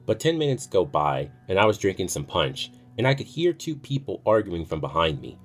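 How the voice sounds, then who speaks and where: Brief: deep-voiced male storyteller, casual and profane, faint music under him. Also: big pitch swings, a little fast. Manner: casual, swears freely. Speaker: storytime youtuber.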